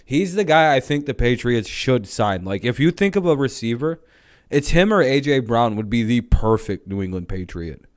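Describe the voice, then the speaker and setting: Sing-song and medium in pitch, he speaks at a moderate pace. He's hosting a livestream of casual football chat, rambling and joking with lots of swearing.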